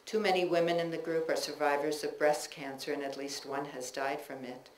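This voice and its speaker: An author reads her own personal essays to a live bookstore audience in a measured, reflective way, adding loose, chatty asides between pieces. Her low voice shows little pitch movement, with room echo and a faint ambient hum behind it.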